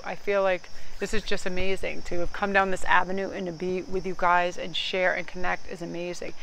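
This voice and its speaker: A woman's voice: lowish voice, gravelly, a bit bright, a little hiss or hum, rough recording. A woman card reader talking casually to her viewers, chatty and rambling, gushing and swearing now and then. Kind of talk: casual vlog chat.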